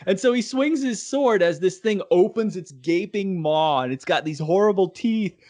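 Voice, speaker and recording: A man's voice: high-pitched, moderate pace. A man co-hosting a casual podcast discussion, talking enthusiastically about a scene he loved. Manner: enthusiastic and animated. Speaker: podcast co-host.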